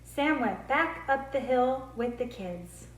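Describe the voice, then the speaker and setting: Lady reading kids books out loud, slow and clear, fairly high, echoey room. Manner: slow, clear, expressive read-aloud. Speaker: speech therapist. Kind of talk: reading picture books aloud to children. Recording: roomy echo.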